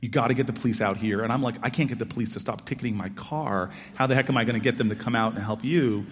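Male storyteller, mid-pitched, animated and expressive with acted-out dialogue; reverberant hall sound. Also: quick pace. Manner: animated, acts out quoted dialogue with big pitch jumps. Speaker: storyteller on stage. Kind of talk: personal storytelling talk.

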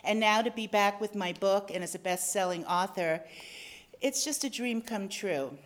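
A woman's voice: medium pitch, moderate pace. Effusive middle-aged woman speaker. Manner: effusive, grateful, upbeat. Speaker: guest speaker. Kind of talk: enthusiastic public talk. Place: club lecture venue.

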